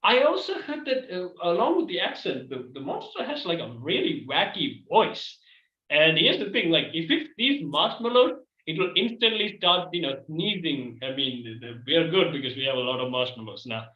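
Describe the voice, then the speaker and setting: A man with a lively, bouncing pitch and a slightly high voice runs an improv comedy scene with playful, dramatic asides. His audio is roomy and dull, like a video call from an echoey room. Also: normal speed. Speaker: improv host.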